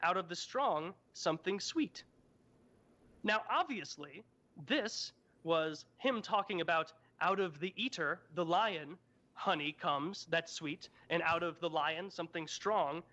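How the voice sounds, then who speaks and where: A man's voice: a little high, measured pace, bright, forceful tone, muffled recording. A man casually retelling a story on a livestream, irreverent, sarcastic and profane. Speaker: livestream co-host.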